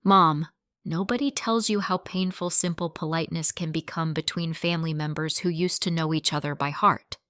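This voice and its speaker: A woman voicing a worried grown daughter who sounds tired and guarded, speaking softly and hesitantly. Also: sits low, fairly even intonation, moderate pace, no room sound, clean studio sound. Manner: soft, hesitant.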